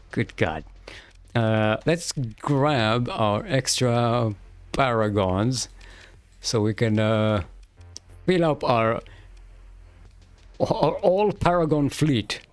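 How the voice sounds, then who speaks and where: A man's voice: mid-range voice, lively intonation, very slow, long pauses, no echo. A man streaming a game and commenting casually, rambling and joking and laughing often.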